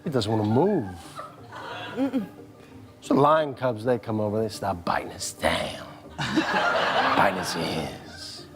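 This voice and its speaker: A man doing a comic impression of a famous older actor, with halting, oddly stressed phrasing. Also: fairly low pitch, sing-song, over loud music. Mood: deadpan.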